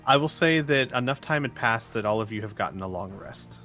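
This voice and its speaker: A man's voice: medium pitch, lively intonation, fairly quick, bright, forceful tone, soft background music. Easygoing young man as game master. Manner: easygoing, rules-minded, chatty. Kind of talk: running a tabletop game.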